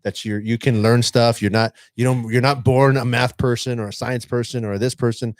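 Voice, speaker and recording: Brief: male podcast co-host, teacher, lively storyteller, dry sound, middle pitch. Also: moderate pace, no room sound. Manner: animated, acts out a student's lines. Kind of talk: casual storytelling chat.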